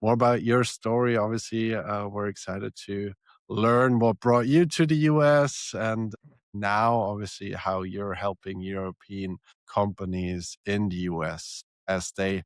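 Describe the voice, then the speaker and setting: A man with a German-Dutch accent hosting a podcast interview, upbeat and a little halting. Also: lowish voice, steady tone, no echo. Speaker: podcast host, lawyer.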